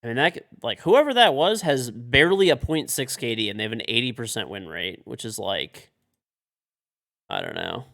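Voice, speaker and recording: A man's voice: mid-range voice, very animated, normal speed, creaky, fairly bright tone. A man streaming a video game live, frustrated and swearing as he mutters to himself and talks to teammates. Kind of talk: live-stream commentary while playing.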